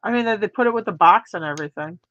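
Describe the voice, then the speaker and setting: A speaker chatting casually and making quick quips, on a dull lo-fi recording. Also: medium pitch, fairly bright tone, slight background noise. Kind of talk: casual chat.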